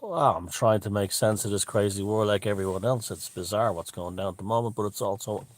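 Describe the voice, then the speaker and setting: A man hosting a casual live stream from a room at home, greeting viewers and chatting in a relaxed way. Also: on the low side, a little fast, no room sound. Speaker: livestream host. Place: room at home with the window open.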